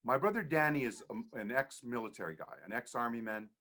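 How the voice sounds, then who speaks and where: A man with a bright, forceful voice tells a ghost story in a relaxed podcast chat. He is animated, often laughing, and acts out the people in his tale. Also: mid-range voice, fairly quick. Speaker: podcast guest, horror storyteller. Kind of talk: casual storytelling.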